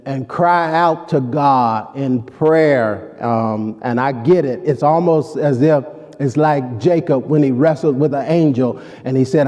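A man's voice: fairly high pitch, dark tone. A male pastor preaching a sermon, emphatic and calling out to the congregation. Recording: long hall reverb.

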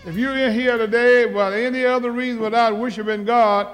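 A man's voice: very high-pitched, fairly even intonation, fairly quick, smooth, faint music behind. Male pastor, repetitive and emphatic sermon delivery, live church auditorium with long reverb. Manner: emphatic, repeats himself, rises to loud exhortation.

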